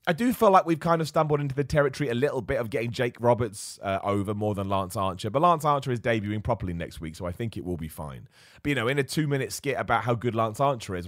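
A man's voice: fairly low pitch, no room sound, clean studio sound. A man hosting his own wrestling show, giving enthusiastic, rambling opinions with frequent restarts. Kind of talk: casual opinion commentary.

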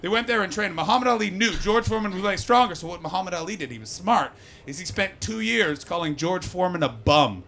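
A man performing a stand-up comedy set on stage before a live audience, profane and animated, teasing the crowd. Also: sits high, fast talker, slight background noise.

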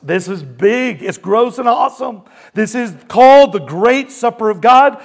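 A man preaching a sermon, with dramatic swings between loud, booming passages and hushed ones, calling out to the congregation for responses. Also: lively intonation, unhurried. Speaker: pastor.

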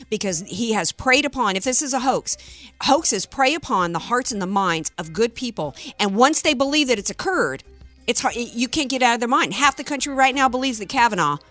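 A woman's voice: mid-range voice, a bit bright. Sarcastic woman talk radio host. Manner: sarcastic, indignant, mocking. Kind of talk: opinionated political talk radio monologue. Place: radio studio. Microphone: close studio mic.

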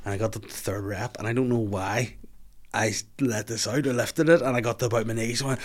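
A man's voice: medium pitch, fast. A young adult man, co-hosting a podcast in casual banter with laughs and swearing. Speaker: podcast co-host. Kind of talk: casual chat.

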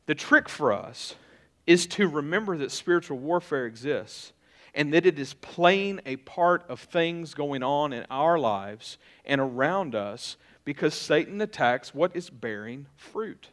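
A man's voice: a little high, expressive, measured pace, a bit bright. A middle-aged male pastor giving a conversational sermon, often repeating and restarting his phrases.

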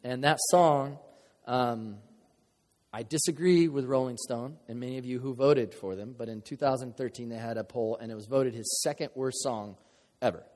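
A man's voice: mid-range voice, normal speed, darkish tone. A male pastor giving an informal, joking sermon with sudden emphatic bursts, speaking in a church. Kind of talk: conversational sermon. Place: church sanctuary. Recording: long reverb of a large hall.

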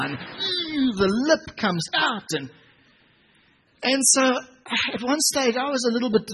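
Husky high-voiced preacher. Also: male voice, low-quality recording. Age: 30s. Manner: animated storytelling, acting out family dialogue. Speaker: pastor. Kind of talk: sermon.

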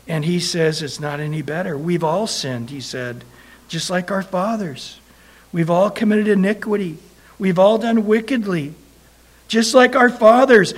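High-voiced man preaching a lively sermon. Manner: animated storytelling, acts out quoted voices.

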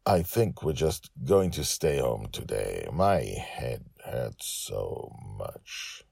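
A man voicing a hungover father with a pounding headache, whispering hoarsely and moaning slowly. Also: very deep voice, very animated, a little mellow, no echo, clean studio sound, voice pushed down, heavily acted. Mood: groaning. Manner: slow, moaning and weary.

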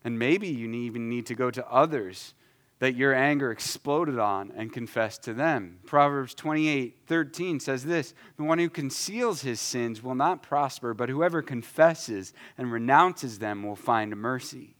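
A man's voice: mid-range voice, unhurried. Man preaching with punchy emphasis. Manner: emphatic, swings between loud stresses and soft asides. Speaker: pastor. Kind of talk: sermon.

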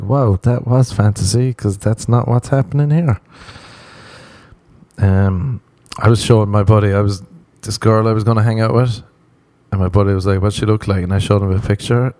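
A man's voice: fairly low pitch, mellow. A man doing a rambling, self-mocking comic monologue with a foreign accent. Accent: non-American. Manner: rambling, self-mocking, playful voices for quoted people. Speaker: comedian.

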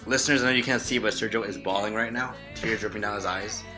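Male podcast host, lowish voice, playful teasing banter, faint music underneath. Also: fairly even intonation, fast, pushed and bright. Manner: playful, teasing, mock-dramatic. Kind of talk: casual sports chat.

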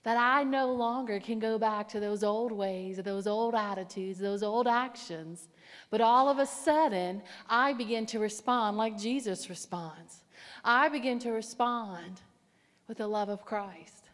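A woman preaching a sermon, her fairly high voice animated and emphatic as she tells a story. Her words ring out with a long hall reverb. She leans hard into key phrases. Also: unhurried.

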